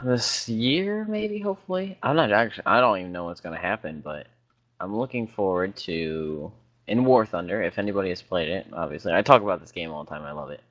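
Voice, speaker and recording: A man's voice: on the low side, very animated, fairly quick, vocal fry, fairly bright tone, highs cut off. A man co-hosting a podcast, talking casually and rambling with hesitant fillers. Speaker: podcast co-host. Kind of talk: casual chat.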